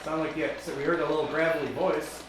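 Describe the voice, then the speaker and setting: A man's voice: on the high side, steady tone, fast talker, far from the mic, crowd noise. A man investigating an old house, chatting casually and calling out to unseen presences. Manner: talks to unseen presences, joking. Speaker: paranormal investigator. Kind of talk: casual chat during a ghost hunt. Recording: very echoey room, loud background hiss.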